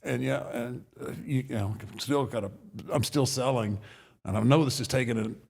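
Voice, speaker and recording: A podcast host with a rough, gravelly voice and a breathy, husky edge. He talks in a slow, drawling, casual way. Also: medium pitch, darkish tone.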